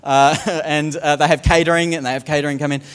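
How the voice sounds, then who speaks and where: Jovial preacher in an echoing hall. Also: male voice, on the high side, level tone, quick pace, a bit bright, clear, resonant tone. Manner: humorous storytelling, mimics accents. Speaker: pastor. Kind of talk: sermon.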